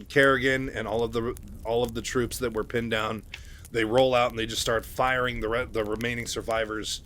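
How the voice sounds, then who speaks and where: A man's voice: lowish voice, a bit bright, a little hiss or hum. A young man casually retelling a book's story, chatty and full of asides and fillers. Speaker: channel host.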